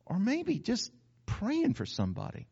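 Male pastor, high-pitched, chatty folksy sermon delivery, slightly dull recording. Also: wildly swooping pitch, unhurried, gravelly, dark tone, slightly rough. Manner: folksy, conversational preaching with acted asides.

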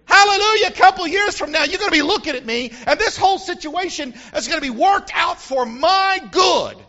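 High-voiced preacher, bright and forceful. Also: male voice, lively intonation, a little fast, few pauses. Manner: preaching with rising shouts and call-and-response. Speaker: pastor. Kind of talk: sermon. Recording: dull lo-fi recording.

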